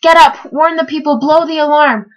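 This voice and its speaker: A woman voicing a young boy page in a children's story, shouting urgent warnings. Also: high voice, fairly even intonation, a little fast, muffled recording, pitched above the performer's own voice, natural voice.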